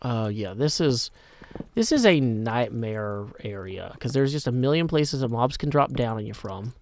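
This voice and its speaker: A man's voice: medium pitch, lively intonation, moderate pace, slight background noise. Chatty man streaming a game. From Nashville, Tennessee. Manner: chatty, self-deprecating, often drops to a hushed mutter. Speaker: gaming streamer. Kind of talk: casual live gameplay commentary.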